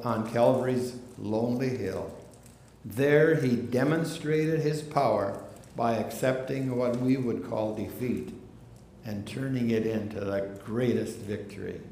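A man preaching a sermon in an unhurried way, dropping to a hush on quiet phrases. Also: medium pitch, a little hiss or hum. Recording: echoey room with faint ambience.

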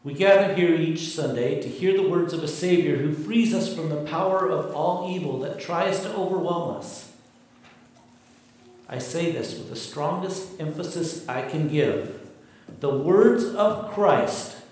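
A man preaches a sermon with emphatic, deliberate phrasing, his delivery unhurried. His fairly high voice rings through a very echoey church, picked up from some distance. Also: darkish tone. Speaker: pastor. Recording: very echoey hall, mic far off.

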